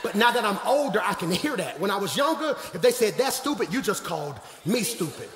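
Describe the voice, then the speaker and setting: A man preaching a live sermon as pastor in a large church sanctuary, joking with the congregation and swinging from low asides to shouted, emphatic preaching. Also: big pitch swings, brisk. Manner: playful, jokes with the congregation. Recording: echoey hall with long reverb.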